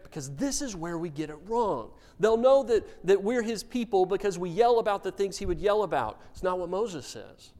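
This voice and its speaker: Pastor, male, fairly high voice, lively storytelling sermon with dry jokes. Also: normal speed, hardly any pauses. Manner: animated storytelling with wry humor.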